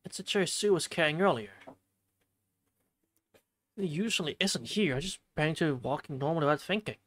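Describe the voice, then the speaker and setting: A streamer reading a visual novel aloud from a home streaming setup, with expressive delivery and jokey asides. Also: mid-range voice, normal speed.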